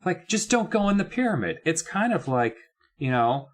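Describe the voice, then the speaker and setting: This co-host of a casual book-club podcast about a kids' horror book has a sing-song voice on the high side and talks at normal speed. He rambles, restarts his thoughts, and tosses in mock-outraged asides.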